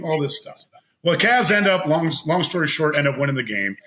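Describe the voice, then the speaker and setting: A man telling a long personal story in casual chat as a podcast guest, animated and laughing, acting out what others said. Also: a little high, fast, low-quality recording. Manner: animated, laughing, acts out quoted voices.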